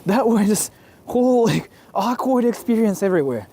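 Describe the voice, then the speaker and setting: With a high voice at normal speed, a male IRL streamer live-streams outdoors on a city street using a handheld camera. His casual chat is excitable and self-mocking, and he swears freely.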